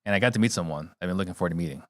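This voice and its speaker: A low-voiced man talks quickly and loosely, drifting through a story with fillers and quoted asides. He sounds like a casual podcast host chatting with his guest. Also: no room sound, clean studio sound. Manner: conversational, rambling anecdote, backchannels. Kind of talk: podcast interview.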